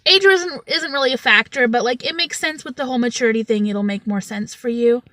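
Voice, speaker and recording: A loud, chatty woman in her late twenties tells a story to camera with plenty of energy. Her voice sits high, and the sound is close and dry with no room around it. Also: a little fast, dry recording. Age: 20s. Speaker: vlogger. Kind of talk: storytime vlog.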